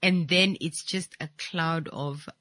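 A woman with a Namibian English accent hosting a casual radio talk show, animated and teasing. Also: deep voice, slow, dry recording. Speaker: radio host.

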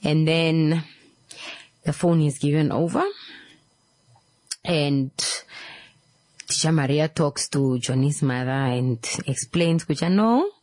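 A woman tells a story in an animated, slangy way, acting out the voices of the people in it. Her voice sits a little low. The recording is dry and close. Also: takes it slowly, long pauses, no echo. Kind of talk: storytime vlog.

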